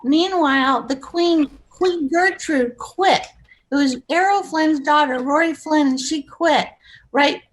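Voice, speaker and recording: A woman's voice: high-pitched, slow. A woman in her sixties, a comedic actress, telling rambling showbiz stories and acting out the voices of people she quotes. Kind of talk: casual storytelling interview.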